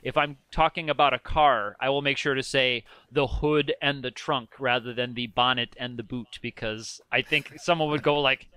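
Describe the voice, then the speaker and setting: Bright-voiced chatty American man. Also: medium pitch, brisk, clean tone, dry recording. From Midwestern US. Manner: chatty, mimics people in quoted voices. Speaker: podcast co-host living in Ireland. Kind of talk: casual podcast chat.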